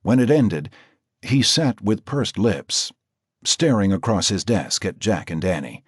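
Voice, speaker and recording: A man narrates a crime audiobook in a husky, lowish voice with lively, expressive shifts in pitch. The recording is close and dry, with no room sound. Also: slow pace, no echo. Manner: expressive, dramatic reading. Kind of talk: scripted narration.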